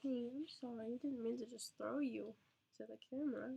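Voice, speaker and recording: A woman's voice: a little high, fairly quick, creaky, warm tone, breathy edge, lo-fi sound. A young woman and mother answering viewer questions on a casual live stream, with lots of ums and small laughs. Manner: chatty, lots of ums, talks to her baby. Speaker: vlogger and mother.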